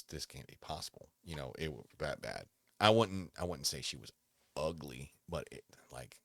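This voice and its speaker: A man in his forties hosting a podcast, chatting casually on his own in a rambling, halting way with many restarts. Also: a bass voice, fairly bright tone, husky, no room sound. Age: 40s. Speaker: podcast host. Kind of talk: casual solo chat.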